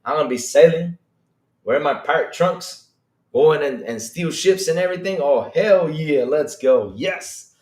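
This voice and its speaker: Animated man hosting a gaming stream. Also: fairly high pitch, normal speed, roomy sound. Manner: animated, reads chat aloud, slangy asides. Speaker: podcast host. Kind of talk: casual livestream chat, reading news.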